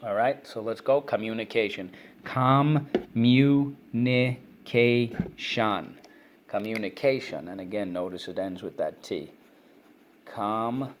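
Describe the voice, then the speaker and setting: Over a faint hiss or hum, a man with a fairly low voice teaches kids phonics and vocabulary online. The lesson is brisk and repetitive, with him drilling words, prompting the children, and praising their answers.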